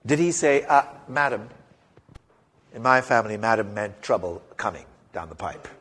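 A man in his fifties preaching a sermon as an animated storyteller, wandering into tangents and joking at his own expense. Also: lowish voice, a little fast. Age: 50s. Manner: animated storyteller, rambling, self-mocking humor.

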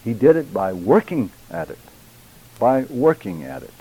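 Deliberate, emphatic man teaching a class. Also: mid-range voice, sing-song, dark tone, slightly rough, low-quality recording. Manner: measured, emphatic, deliberate enunciation; addresses class members by name. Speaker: public speaking instructor for church men. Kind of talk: classroom lecture.

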